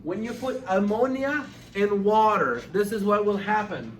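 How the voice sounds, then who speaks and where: A chemistry teacher with a high voice lectures his class, driving points home through emphatic, animated repetition. Captured from across an echoey classroom, he sounds distant and roomy against faint ambience and slight background noise, and he speaks a little slowly.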